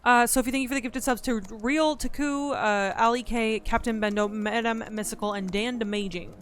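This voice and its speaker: A woman's voice: a little high, steady tone, moderate pace. A woman streaming live, chatting in a playful, joking way and thanking her donors. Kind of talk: casual live-stream chat.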